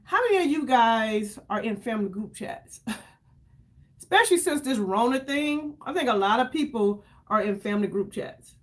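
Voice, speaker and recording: A woman's voice: fairly high pitch, animated, moderate pace. A woman in her fifties chatting casually on a livestream while doing her makeup, effusive and greeting viewers by name. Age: 50s.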